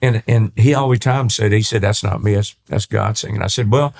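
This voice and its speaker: His voice is lowish and creaky, running a little fast, as this older East Texas country singer shares stories on an easygoing interview podcast. He brings the quoted dialogue to life animatedly, with plenty of restarts.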